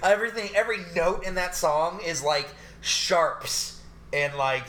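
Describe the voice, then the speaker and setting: A man co-hosting a podcast, telling stories in a loose, profane, animated way. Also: high-pitched, measured pace. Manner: profane, animated ranting storyteller. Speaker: podcast co-host. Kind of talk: casual chat. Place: New York.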